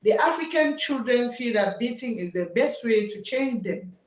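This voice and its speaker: A woman teacher hosting a live stream, reading viewer comments aloud in a loud teacher's voice and repeating her phrases. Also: on the high side, animated, normal speed, echoey room, rough recording.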